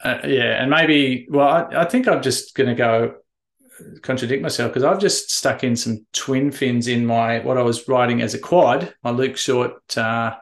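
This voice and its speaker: A man's voice: mid-range voice, a little slow. A man co-hosting a podcast, wry and opinionated in casual chat. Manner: wry, opinionated, hesitant fillers. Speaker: podcast co-host.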